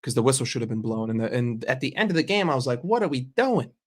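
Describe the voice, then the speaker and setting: Male host, mid-range voice, relaxed offhand Q&A delivery. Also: medium pitch, rapid-fire. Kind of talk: casual chat, answering questions.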